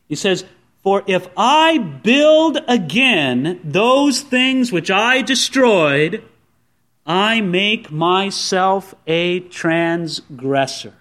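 A man preaching a sermon as pastor, telling the story with lively acted-out voices and asking the listeners direct questions. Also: fairly high pitch.

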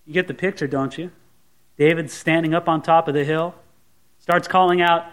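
Speaking at normal speed in a high-leaning, fairly bright voice with fairly even intonation, a male pastor preaches. He retells the scene with drama, voicing each character in it.

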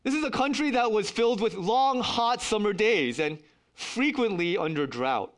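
Male pastor, middle-aged, high and animated voice, earnest sermon delivery with dry humor. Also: normal speed. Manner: earnest, emphatic preaching with wry asides.

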